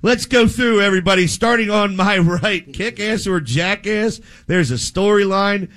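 Man, sports radio host, slightly high voice, energetic, joking, rambling casual chat. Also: moderate pace.

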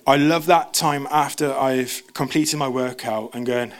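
A young man, preaching a sermon in a church service as an animated storyteller who jumps into quoted voices. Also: mid-range voice, unhurried.

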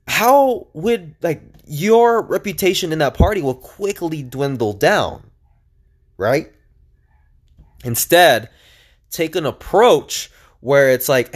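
A young man talking alone on his podcast in a casual, energetic and chatty way, with lots of fillers and restarts. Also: sits high, slow pace. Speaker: podcast host. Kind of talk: casual solo podcast monologue.

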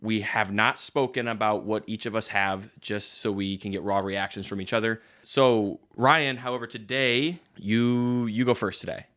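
A man hosting a podcast in casual chat, upbeat, brisk and chatty. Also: on the low side, fairly even intonation, fairly bright tone. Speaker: podcast host.

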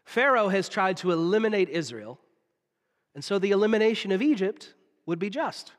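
A man from the preaching a sermon, telling stories with dramatic pauses and drops to a hush. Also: high voice, animated. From Southern United States. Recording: long reverb of a large hall.

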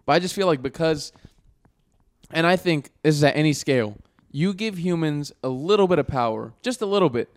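A young man telling stories in a fast, casual chat and acting out the voices of the people in them. His voice sits a little high, and the recording is dry and close. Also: no room sound. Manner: animated storyteller, acts out voices.

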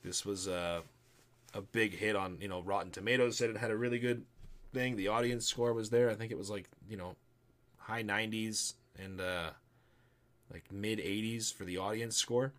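A grown man co-hosting a casual movie review chat, animated and laughing, trailing off into low mumbles. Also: moderate pace. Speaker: podcast co-host.

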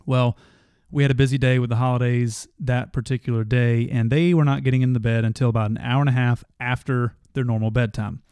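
A man's voice: mid-range voice, fairly even intonation, fairly quick, a little mellow, clear, resonant tone, no room sound, clean studio sound. A man in his thirties hosting a motivational podcast, telling a family story in an earnest way that grows passionate. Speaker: podcast host.

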